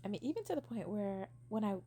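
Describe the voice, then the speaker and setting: A young woman casually telling a personal story, animated, acting out what people said and using many fillers. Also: medium pitch, quick pace, slight background noise.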